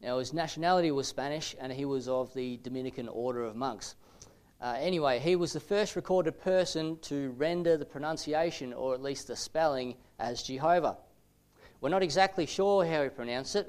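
A man delivering a lecture-style teaching video, explaining step by step in a measured way with frequent filler sounds. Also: medium pitch, darkish tone, clean tone.

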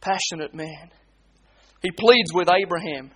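High-pitched guy preaching, goes quiet then gets loud and pleading. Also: unhurried, breathy edge. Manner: impassioned preaching, swings from hushed pleading to loud urgent appeals. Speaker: pastor. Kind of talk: sermon.

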